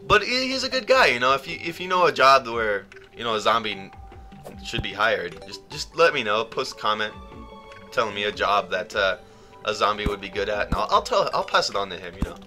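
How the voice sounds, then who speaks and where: A young man talks through his gameplay in a loose, rambling way, cracking jokes and breaking into sudden loud yells. His voice is very bright and swings widely in pitch. Faint game music plays underneath. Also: very animated, fairly quick. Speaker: gaming YouTuber. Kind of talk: casual gameplay commentary.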